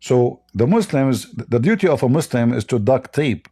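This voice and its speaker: A man's voice: mid-range voice, lively intonation, normal speed, warm tone, breathy edge. A man hosting a live debate stream, mocking and combative, speaking in broken English. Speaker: debate host.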